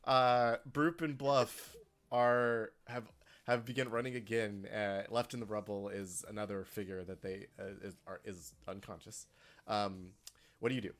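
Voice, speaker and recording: A game master narrating a tabletop session at a middle pitch. The delivery is halting and loose, full of fillers and restarts. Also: steady tone.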